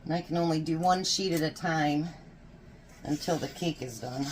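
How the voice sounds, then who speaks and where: A woman's voice: low-pitched, normal speed, slight background noise. A woman in her fifties chatting casually while baking in her kitchen, telling stories and laughing often. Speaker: home baking vlogger.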